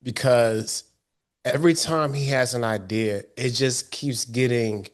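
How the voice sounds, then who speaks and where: A man co-hosting a podcast in a relaxed, thoughtful tone, slowing down to stress his points. His voice is mid-pitched and easygoing. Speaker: podcast co-host. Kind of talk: casual chat.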